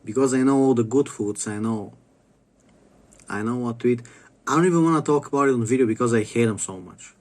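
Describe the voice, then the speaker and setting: A man's voice: medium pitch, brisk, darkish tone. A man ranting to camera in a rambling, stop-start way, swearing constantly. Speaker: vlogger. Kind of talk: profane ranting monologue to camera.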